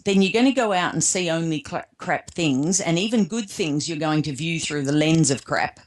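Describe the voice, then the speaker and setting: Low-voiced Australian woman telling stories. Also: moderate pace, hardly any pauses. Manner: lively storyteller, acts out quoted voices. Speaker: guest. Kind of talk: storytelling in a casual interview.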